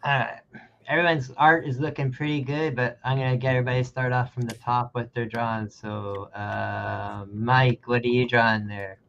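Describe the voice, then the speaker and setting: A man's voice: mid-range voice, steady tone, moderate pace, fairly bright tone. Easygoing male stream host, lo-fi. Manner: easygoing, joking. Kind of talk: casual live-stream chat. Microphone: video call. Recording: dull lo-fi with faint hiss.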